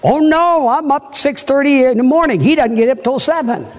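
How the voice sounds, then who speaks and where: A man's voice: extremely high pitch, lively intonation, moderate pace, pitched above the performer's own voice. A man playing a literal-minded woman in a joke, answering cheerfully in a raised voice. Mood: naive. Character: naive, literal-minded woman seeking divorce. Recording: long hall reverb.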